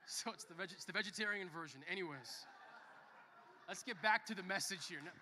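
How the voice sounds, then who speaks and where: Young guy pastor giving a sermon, super bright sharp voice, lots of hall echo. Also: high-pitched, brisk. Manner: lively, joking storyteller who shifts between soft and loud. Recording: long reverb of a church hall.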